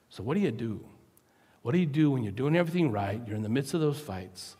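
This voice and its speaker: A man preaching a sermon as a pastor, animated and acting out the voices of the people he describes. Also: medium pitch, fast talker, slightly rough, big-room sound. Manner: animated, acts out quoted voices.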